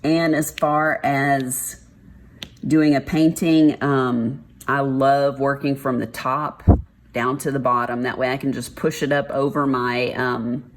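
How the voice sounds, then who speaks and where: A woman's voice: rumbling low, little pitch movement, slow, slight background noise. A woman with a Texas accent, chatting casually and frankly while she does a craft, with plenty of y'alls and mild swearing. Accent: Texan. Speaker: craft vlogger. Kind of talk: casual chat while diamond painting.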